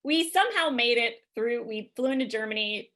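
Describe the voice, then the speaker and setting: Bright-voiced woman telling a story. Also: a little high, expressive, fairly quick. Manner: chatty, rambling with many fillers and laughs. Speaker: podcast guest. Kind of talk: casual comic storytelling.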